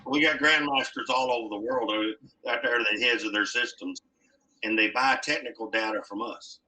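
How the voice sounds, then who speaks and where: Bright, wry male guest off-mic. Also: medium pitch, steady tone, normal speed. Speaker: podcast guest, martial arts instructor. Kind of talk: casual podcast conversation. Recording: distant from the mic.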